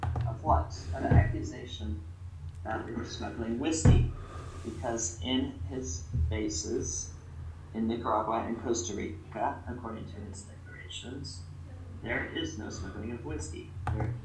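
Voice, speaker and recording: A man interprets a speech in a measured, halting way. He sits far from the microphone in an echoey space. Steady noise hangs under the old recording. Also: medium pitch. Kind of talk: simultaneous interpretation. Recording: echoey, distant, noisy archival recording.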